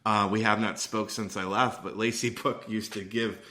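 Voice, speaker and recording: A man's voice: on the low side, little pitch movement, normal speed, sharp tone, echoey room. A man in his thirties co-hosting a podcast, telling rambling, profane stories and laughing often as he goes. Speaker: podcast co-host. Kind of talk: casual storytelling chat.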